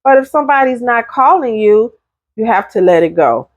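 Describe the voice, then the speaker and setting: A middle-aged woman talking casually to her viewers, giving relationship advice in a chatty, animated way. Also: fairly high pitch, moderate pace, dry recording, muffled recording. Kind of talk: casual talk to camera.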